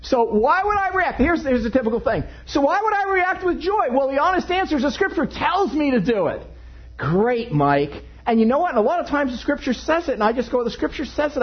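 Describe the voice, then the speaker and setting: Male pastor giving a sermon, high lively voice, bit husky, dull lo-fi sound. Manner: animated, jokey asides to the congregation. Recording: dull lo-fi recording.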